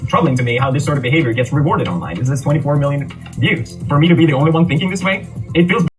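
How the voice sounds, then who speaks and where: Fast-talking male commentator over music. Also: a little high, expressive. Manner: critical, opinionated. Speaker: online commentator. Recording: distant voice with music underneath.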